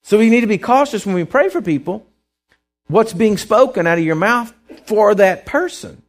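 Male preacher, sermon, fairly high voice, storytelling, quiet asides then loud emphatic lines. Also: lively intonation, normal speed.

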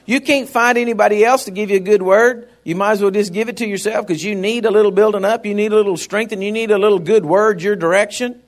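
A pastor preaches a sermon in a high-pitched voice, talking fast with fairly even intonation and hardly any pauses. He calls out to the congregation and acts out the people in his stories in voices.

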